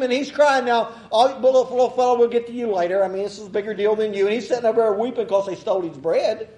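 A man's voice: very high-pitched, fast, hardly any pauses, darkish tone, roomy sound, low-quality recording. A man preaching a folksy, rambling sermon, chuckling and acting out quotes as he goes.

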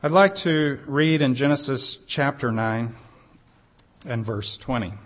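Preaching with a medium-pitched voice and a measured pace, an American man earnestly tells a personal story in his sermon, stressing key phrases with emphatic upward lifts.

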